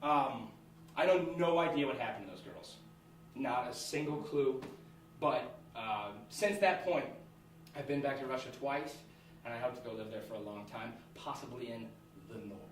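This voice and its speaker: A man's voice: mid-range voice, normal speed. A young man in his twenties telling a personal story live on a theatre stage, laughing through it and restarting sentences as he goes. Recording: echoey hall from far off, noisy.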